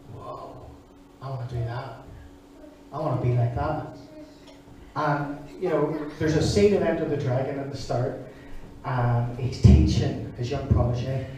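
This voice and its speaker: A man in his forties preaching a sermon, telling stories in an animated way. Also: fairly high pitch, slight background noise. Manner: animated storytelling, acting out voices. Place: church service. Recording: echoey church hall from far off.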